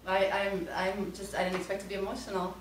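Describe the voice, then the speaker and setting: A woman unboxing an instrument in a casual vlog, gushing and excitable, laughing often. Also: medium pitch, a little fast. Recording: roomy, mic at a distance, background noise.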